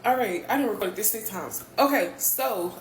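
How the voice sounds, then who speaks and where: A woman's voice: medium pitch, animated, moderate pace, slight background noise. A young woman from Texas, out of breath and hurting, telling her own story in a blunt, profane, emotional way. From Houston, Texas. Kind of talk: candid story time. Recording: echoey room, voice from a distance.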